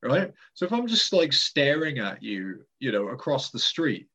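A man's voice: mid-range voice, sing-song, a little slow, bright, forceful tone, slightly rough. Chatty man, muffled sound. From Britain. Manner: rambling, self-deprecating, many fillers and restarts. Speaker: interview guest. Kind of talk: casual conversation.

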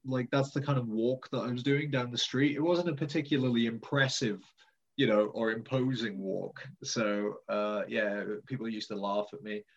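A man's voice: medium pitch, fairly even intonation, moderate pace. Chatty man, muffled sound. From Britain. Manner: rambling, self-deprecating, many fillers and restarts. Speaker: interview guest. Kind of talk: casual conversation.

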